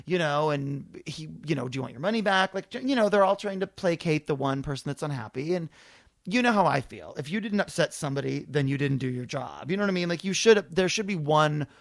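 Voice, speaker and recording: A man's voice: a little high, a little fast, dry recording. A man, a comedian, telling a story in casual chat and acting out the people he quotes. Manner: animated, acts out quoted voices.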